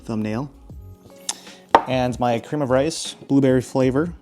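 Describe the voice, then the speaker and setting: A man's voice: medium pitch, unhurried, loud music behind the voice. A young adult man chatting casually as he walks through his day of meals, upbeat and joking in asides. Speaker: fitness vlogger. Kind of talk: casual vlog narration.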